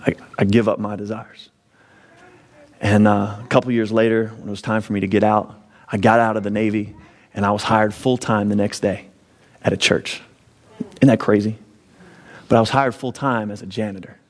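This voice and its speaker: A man's voice: level tone, a little fast. A man, giving an earnest testimony in a sermon, his voice jumping up when he gets emphatic. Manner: earnest storytelling, pitch rising sharply when emphatic.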